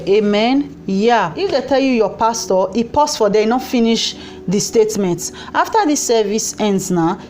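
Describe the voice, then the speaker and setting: A woman's voice: fairly high pitch, a little mellow, slight background noise. Impassioned woman with a Nigerian Pidgin accent. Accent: Nigerian Pidgin English. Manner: impassioned, pleading, repeats her points. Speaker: commentator. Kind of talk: opinion vlog commentary.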